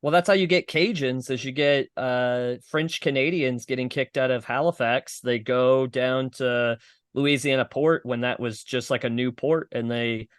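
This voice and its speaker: A man's voice: medium pitch, fairly even intonation, a little slow, clean tone, no room sound. Young man, comedian guest, casual podcast chat, swears a lot, rambling, dry close sound. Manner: profane, rambling explanations.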